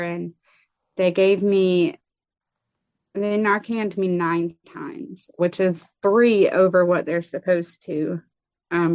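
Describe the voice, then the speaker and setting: Brief: woman guest, lower voice, hesitant testimony, dry lo-fi recording. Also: no room sound. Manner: halting, many fillers and restarts. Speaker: guest telling her story. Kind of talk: personal testimony in an interview. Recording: dull lo-fi sound.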